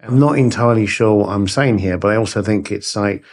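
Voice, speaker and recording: A middle-aged man hosts a relaxed podcast interview. His voice sits somewhat low, and he mixes questions with his own opinions in an easy, conversational way. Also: brisk. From Britain. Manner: conversational, shares his own views while asking questions. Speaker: podcast host. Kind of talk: casual interview.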